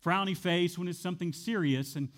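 A man preaching a sermon, animated, repeating phrases with shifting emphasis. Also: sits high, a little fast. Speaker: pastor.

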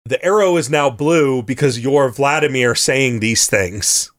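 A man's voice: mid-range voice, measured pace. A man chatting casually as a podcast host, animatedly retelling a video game story and slipping into character voices.

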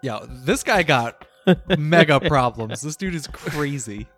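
Animated man joking at a game table. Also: on the high side, takes it slowly, faint music behind. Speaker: player. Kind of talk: casual chat at a tabletop game.

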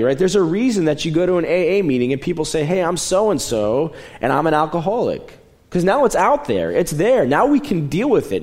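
A young adult man preaching a sermon in a conversational way, moving between raised, emphatic lines and quiet, low asides. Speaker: pastor.

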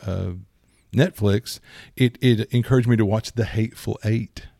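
Gravelly rambling man. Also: lowish voice, measured pace, no room sound, studio quality. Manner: rambling, animated storyteller with many restarts. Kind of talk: casual movie chat.

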